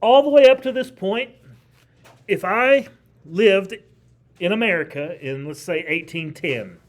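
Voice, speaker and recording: Guy teaching history to a class, bit of a higher voice, keeps tossing questions at the students, chatty but emphatic. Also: measured pace. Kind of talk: classroom lecture.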